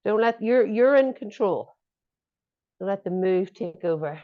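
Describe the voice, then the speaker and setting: Leading a live workout class, a woman fitness instructor offers encouraging cues and occasionally breaks off for chatty jokes at her own expense. Her expressive voice is of ordinary middle pitch and unhurried, and the recording sounds dull and somewhat lo-fi.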